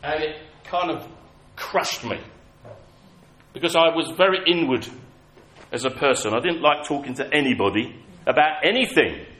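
A man's voice: fairly high pitch, lively intonation, moderate pace, fairly bright tone. A man preaching a sermon, telling personal stories in a conversational, self-mocking way. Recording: echoey hall with faint ambience.

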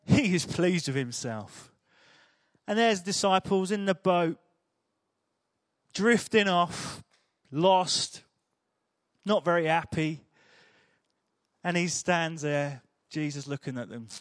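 A man's voice: high-pitched, expressive, takes it slowly, long pauses, dry recording, studio quality. A man preaching a sermon in a chatty, humorous storytelling way.

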